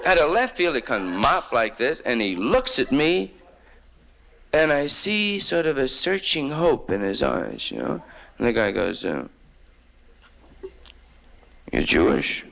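A man's voice: mid-range voice, huge pitch swings, a little slow, gravelly, a bit bright. A man from New York doing a rambling, wry stand-up monologue full of hip jazz slang. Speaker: stand-up comedian. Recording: noisy old live recording with clicks.

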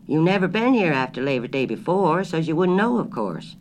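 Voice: mid-range voice, big pitch swings, fairly quick, slight background noise, pitched above the performer's own voice, close to an everyday voice. A reader voicing a blunt, suspicious country grocer, a man who talks in firm, clipped rural phrases, in a storybook reading.

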